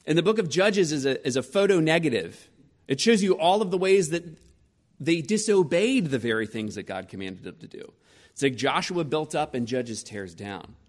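Man preaching a storytelling sermon. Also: mid-range voice. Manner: storytelling, rhetorical questions, lively shifts in loudness. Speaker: pastor.

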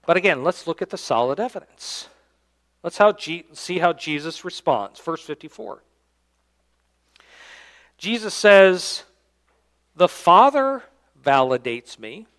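A man, the church's pastor, preaching a sermon and reading scripture aloud, swinging between loud emphatic lines and quiet low endings. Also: sing-song, slow pace, long pauses. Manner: reads scripture aloud in King James wording. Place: church sanctuary.

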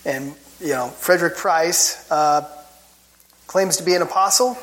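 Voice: medium pitch, measured pace, fairly bright tone. Wry chuckling Bible teacher. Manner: gets worked up. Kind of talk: casual teaching talk.

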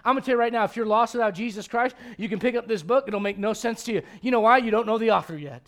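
A man's voice: high-pitched, fast, fairly bright tone. A man preaching a sermon to a congregation, emphatic and driving his points home with repeated rhetorical questions. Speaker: pastor. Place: church service before a congregation.

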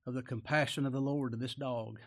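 A man's voice: medium pitch, steady tone, fairly quick. A man preaching a folksy sermon, often asking rhetorical tag questions and chuckling.

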